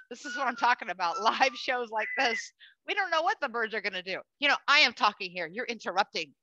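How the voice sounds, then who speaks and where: A woman hosting a live educational bird show for children, chatty and animated, cooing at the bird and talking to the audience. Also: a little high, fairly quick, background noise. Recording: dull lo-fi dry sound.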